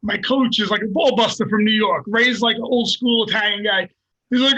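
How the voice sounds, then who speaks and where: Excitable, husky-voiced older man. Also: high-pitched, brisk, highs cut off. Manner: animated, profane, laughing storyteller. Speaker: guest fighter. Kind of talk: casual storytelling.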